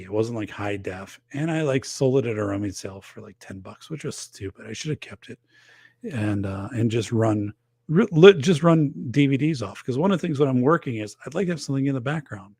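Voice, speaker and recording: Middle-aged male host, dry close sound, gravelly tone, rambling casual chat, losing his voice. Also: medium pitch, darkish tone, no echo. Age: 40s or older. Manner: rambling, loose, lots of fillers. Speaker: podcast host. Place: home office.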